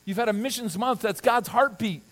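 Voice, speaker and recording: Male pastor, high voice, impassioned sermon delivery, scripture reading, call-and-response. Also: moderate pace, a bit bright. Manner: impassioned preaching, reads scripture aloud, asks the congregation to repeat.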